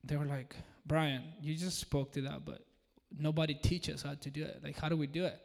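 A man from Peru telling the church an animated testimony, getting loud and excited. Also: a little high, normal speed, gravelly. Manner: excitable, swings into loud exclaiming. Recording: reverberant church hall.

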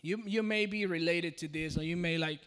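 A man with a high voice preaches to a congregation in a church service. He is lively and keeps joking, turning straight to the people in front of him. He sounds like a pastor in his thirties. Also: normal speed, clean tone. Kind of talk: sermon.

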